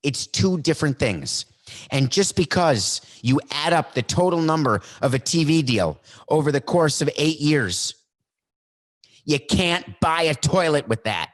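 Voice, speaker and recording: A man hosting a solo sports podcast, talking in a worked-up, animated way and acting out little mock skits. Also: a little high, measured pace. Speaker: podcast host. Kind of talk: solo sports talk monologue.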